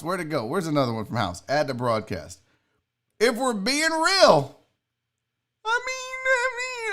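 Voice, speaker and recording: A man hosting a live sports and entertainment stream, ranting casually to his chat with lots of swearing. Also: high-pitched. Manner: profane, animated, talks to chat viewers. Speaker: podcast host.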